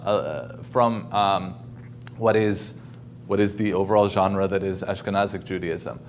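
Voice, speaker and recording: Low-voiced man giving a casual talk. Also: slight background noise. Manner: conversational, many ums and restarts. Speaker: guest speaker. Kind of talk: informal lecture. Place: home, video call. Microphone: video call.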